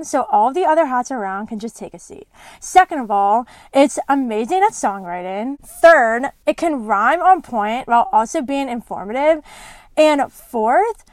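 A young woman hosts a podcast, recapping a book in a bubbly, giggly way during a casual chat. Her voice sits a little high, and the recording is dry.

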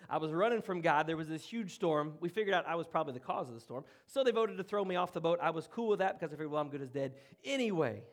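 A preacher doing Jonah, telling his story like a breathless buddy, loud and eager. His voice sits a little high, tumbling over itself with restarts and quick asides. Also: lightly acted. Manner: chatty and animated, with restarts. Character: Jonah, a casual, excitable man retelling his ordeal. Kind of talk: dramatized sermon retelling.

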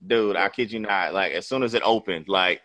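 A man's voice: fairly low pitch, brisk, pushed and bright. Laid-back man telling a rambling story. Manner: loose, rambling, peppered with "you know what I'm saying". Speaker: podcast host. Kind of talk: casual storytelling chat.

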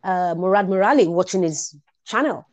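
A woman hosting a casual talk show, animated and quick to laugh, often repeating words as she gets going. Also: lowish voice. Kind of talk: casual chat.

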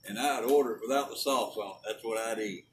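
A man's voice: lowish voice, fast talker, slight background noise. A blunt man, chatting casually and swearing freely. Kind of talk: casual chat.

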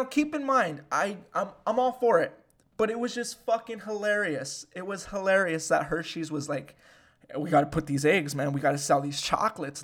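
Young man host, twenties, slightly high voice, casual profane rant, animated delivery. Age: 20s. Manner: animated and profane, with frequent fillers. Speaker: podcast host. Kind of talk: casual ranting monologue.

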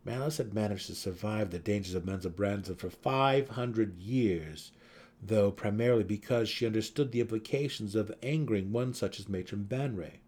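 A man narrating a dramatic fantasy audiobook in a measured, deliberate way. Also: lowish voice, a little mellow.

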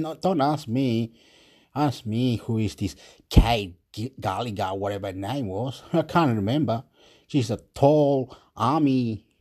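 A man with a mellow, mid-range voice delivers a rambling, agitated and exasperated rant. He repeats himself over and over, stumbles over words and laughs now and then.

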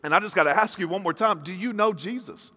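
A man's voice: high-pitched, fast, sharp tone. A man in his thirties preaching a sermon in a conversational style, with punchy repeated phrases. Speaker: pastor. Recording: reverberant hall.

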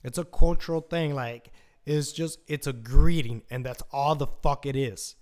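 A man's voice: mid-range voice, normal speed, a little mellow. A man hosting a podcast in a casual, rambling monologue, swearing freely and scattering fillers as he talks. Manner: rambling and profane, full of fillers. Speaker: podcast host.

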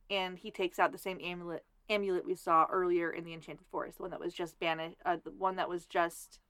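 A woman co-hosting a casual podcast recap, swearing freely and acting out characters in quick asides. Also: on the low side, fairly bright tone, clear, resonant tone, dry recording. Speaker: podcast co-host.

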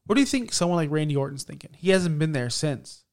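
A man with a slightly raised voice talks wrestling with a friend in relaxed, animated banter. He jumps between opinions and playful mockery. Casual and conversational throughout. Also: on the high side, fast talker. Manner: animated, mocks stiff promos in a robotic voice. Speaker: podcast co-host.

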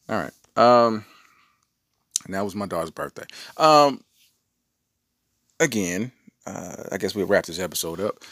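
A man's voice: sits low, normal speed, long pauses, no room sound, clean studio sound. A middle-aged man hosting a podcast, telling a rambling story in a casual, slangy way. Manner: animated, rambling, with slangy asides. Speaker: podcast host.

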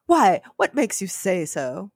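A woman's voice: mid-range voice, big pitch swings, takes it slowly, no echo, heavily acted. A woman reading the lines of a proud, sneering rich boy in a haughty tone, close to her own voice.

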